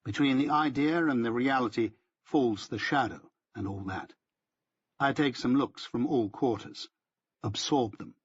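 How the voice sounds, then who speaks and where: A man's voice: mid-range voice, measured pace, breathy edge, no room sound, dull audio. A man narrating a first-person audiobook in a dry, wry storytelling manner.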